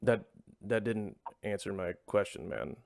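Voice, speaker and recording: Deadpan gravelly podcast host. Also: male voice, on the low side, measured pace, dry recording, clean studio sound. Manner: deadpan, sarcastic. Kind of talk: casual podcast chat.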